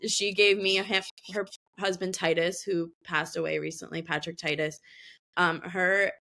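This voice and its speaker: Podcast guest: woman in her 20s, low-set voice, animated casual storyteller. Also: unhurried, gravelly. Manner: chatty, animated, many fillers and laughs. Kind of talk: casual chat.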